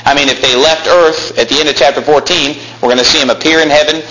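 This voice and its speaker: Bright-voiced man preaching. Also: fairly high pitch, steady tone, fast, a little hiss or hum, rough recording. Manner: rising to emphatic, angry outbursts; reads scripture aloud in an old-fashioned cadence. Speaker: pastor. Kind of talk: sermon.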